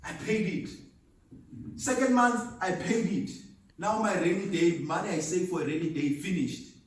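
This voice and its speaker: Guy telling his story at a seminar, high animated voice, super echoey hall, mic far off. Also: moderate pace, slight background noise. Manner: storytelling, emphatic, laughs at himself. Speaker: motivational speaker. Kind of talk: seminar talk. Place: seminar venue.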